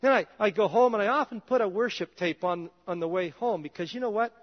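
A male pastor preaching a conversational sermon in a church, his voice dropping soft and low at times. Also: fairly quick. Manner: conversational, drops soft and low in quoted prayers. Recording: dull reverberant hall sound.

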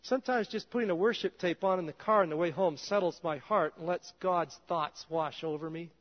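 A male pastor preaching a conversational sermon in a church, his voice dropping soft and low at times. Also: a little fast. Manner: conversational, drops soft and low in quoted prayers. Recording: dull reverberant hall sound.

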